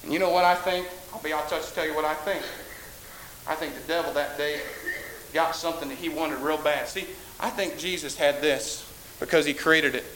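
A man preaching a sermon with passion, repeating phrases and swinging between loud and soft. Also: a little high, steady tone, normal speed, reverberant, slight background noise, rough recording.

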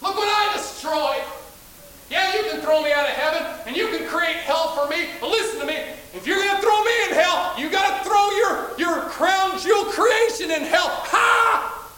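A man voicing a gloating male devil within a sermon, cackling and shouting taunts. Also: very high voice, normal speed, very echoey, pitched above the performer's own voice, low-quality recording.

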